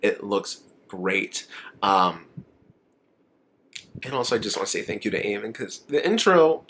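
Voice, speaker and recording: A man's voice: on the low side, very animated, a little slow, vocal fry, pauses often, fairly bright tone. A young man chatting to camera in a makeup vlog, rambling, emotional and laughing often. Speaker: makeup vlogger. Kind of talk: casual chat to camera.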